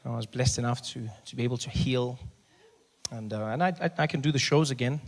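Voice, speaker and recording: A man with a South African accent doing animated stand-up storytelling and chatting with the audience. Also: mid-range voice, a little fast, gravelly. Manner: animated, conversational, teasing the audience. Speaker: stand-up comedian. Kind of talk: stand-up storytelling and crowd work.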